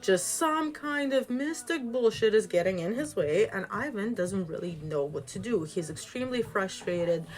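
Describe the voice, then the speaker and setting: A woman retells a folk tale in a loose, chatty way, wandering off on asides. Her voice is lively, rising and falling a lot. Her tone is casual and conversational. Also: mid-range voice, normal speed, few pauses, soft background music. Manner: chatty, digressive, asks "right?". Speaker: storyteller.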